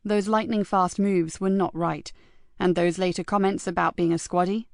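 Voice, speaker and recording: A woman reading a crime audiobook in a measured, even voice. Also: on the low side, no room sound, clean studio sound. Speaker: audiobook narrator. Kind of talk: scripted narration.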